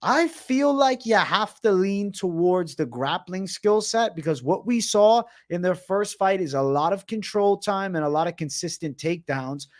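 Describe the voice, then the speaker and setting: A man's voice: sits high, lively intonation, moderate pace, few pauses. A man hosting a live MMA prediction stream in casual chat, rambling and cursing as he jokes with viewers in the chat. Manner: rambling, profane, joking with chat; hums beat sounds between topics. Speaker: MMA prediction show host. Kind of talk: casual livestream commentary.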